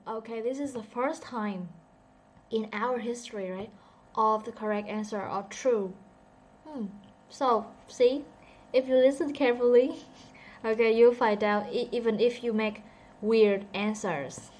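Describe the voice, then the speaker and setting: A woman's voice: on the high side, a little mellow. A woman who speaks English as a second language (native Vietnamese) teaches a casual online English lesson, thinking aloud and joking about herself.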